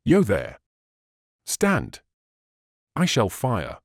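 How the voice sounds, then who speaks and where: A man voicing a suspicious coach guard who growls warnings and shouts threats. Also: fairly low pitch, sing-song, moderate pace, no echo, clean studio sound. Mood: alarmed shouting. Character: suspicious, gruff male coach guard with a blunderbuss.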